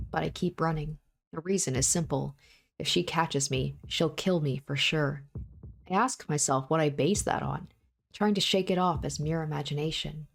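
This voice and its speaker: A woman reading a visual novel aloud in the first person, with an intense delivery that acts out panting breaths and repeated desperate cries. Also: deep voice. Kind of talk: dramatic first-person story reading with asides.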